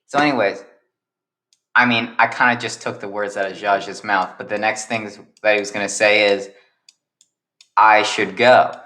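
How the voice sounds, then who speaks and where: A man's voice: fairly low pitch, fairly even intonation, moderate pace, sharp tone, roomy sound. A young man improvising a retelling of his own character story, rambling eagerly and restarting his explanations. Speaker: storyteller, series creator.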